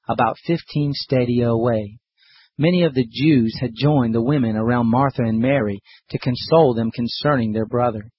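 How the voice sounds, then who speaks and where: A man giving a measured, scripted reading of scripture aloud. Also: mid-range voice, breathy edge, dry recording, lo-fi sound. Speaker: scripture reader.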